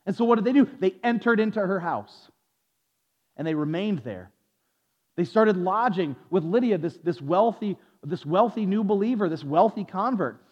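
A man preaching to a group, stumbling over repeated words as he restarts his sentences and stops to ask his listeners questions. His voice sits high for a man. The recording sounds muffled and lo-fi. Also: a little mellow, big-room sound. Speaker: preacher teaching a Bible study. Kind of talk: sermon. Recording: dull lo-fi recording.

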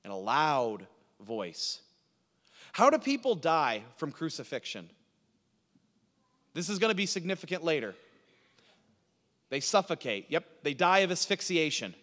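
Lively high-voiced man preaching in a hall. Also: moderate pace, pauses often. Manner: asks the audience questions and answers them, repeats words. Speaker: preacher teaching a Bible class. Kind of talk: sermon-style Bible teaching.

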